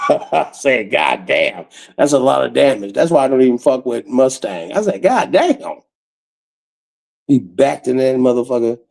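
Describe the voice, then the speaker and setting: Man, gravelly dark voice, casual profane storytelling, acts out quotes. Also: mid-range voice, poor audio. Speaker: comedian storyteller.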